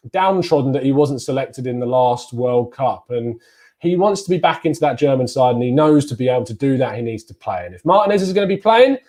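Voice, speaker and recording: A man giving chatty, rambling football fan commentary as the host of a fan channel, stressing each name as he goes. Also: mid-range voice. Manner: chatty, rambling, lively emphasis on names.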